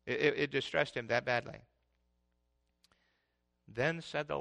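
A man preaching a sermon in an animated way, swinging between loud passages and hushed ones. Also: medium pitch, measured pace, creaky, long pauses.

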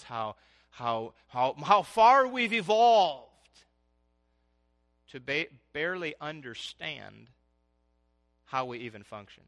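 A middle-aged man preaching a sermon in an animated, conversational way, often asking his listeners questions. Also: mid-range voice.

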